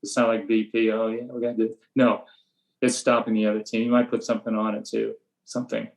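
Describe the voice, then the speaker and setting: An older American high school baseball coach, with a low, flat, creaky voice, talks fast during a relaxed podcast interview. He tells his stories matter-of-factly and acts out the sharp things he says to players, all on poor audio.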